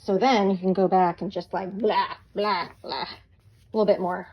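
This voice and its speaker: A woman hosting a hands-on craft tutorial, chatty, playful and quick to get excited. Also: medium pitch, husky, muffled recording.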